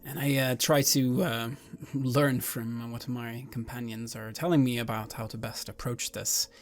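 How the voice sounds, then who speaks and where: A man's voice: medium pitch, flat delivery, unhurried, slight background noise. A man playing a tabletop game, asking about rules and describing his actions hesitantly, with many fillers. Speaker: player.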